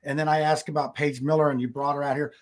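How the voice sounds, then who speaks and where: A man's voice: a little high, flat delivery, fast talker. A man hosting a live talk show in casual chat, rambling with many fillers and frequent chuckles.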